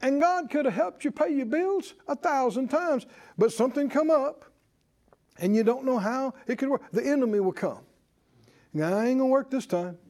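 A man preaching a sermon in a folksy, scolding way, slow and emphatic. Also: extremely high pitch, animated, a little mellow.

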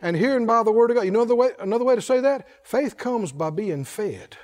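A male pastor preaching a sermon in an emphatic call-and-response style, shouting some refrains. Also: very high voice, expressive, a little fast.

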